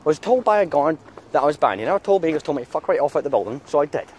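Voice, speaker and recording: Swearing man with a lively voice. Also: a little high, very fast, slight background noise. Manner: angry swearing rant. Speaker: vlogger. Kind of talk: casual vlog chat.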